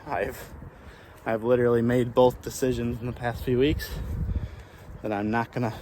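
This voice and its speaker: A man of ordinary, mid-range pitch talks casually as he walks his farm pasture outdoors. He thinks aloud and circles back on his own sentences with frequent restarts. Faint outdoor sound sits behind him. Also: flat delivery, normal speed, warm tone, slight background noise. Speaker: small farmer and channel host. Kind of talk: casual vlog while walking the pasture.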